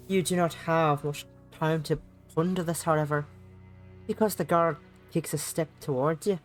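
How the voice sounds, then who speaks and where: A streamer reads a visual novel aloud and narrates its scenes. The talk goes off on tangents, with frequent self-corrections and frustrated swearing. The pitch sits in a middle range. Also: fairly even intonation, moderate pace, soft background music.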